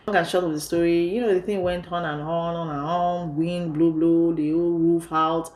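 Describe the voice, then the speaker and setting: A woman with a low voice tells a personal story for her vlog in a lively, chatty way. She keeps saying "you know" as she goes. Her voice bounces around an echoey room. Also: normal speed, few pauses, a little hiss or hum. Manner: lively retelling, heavy use of "you know". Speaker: vlogger.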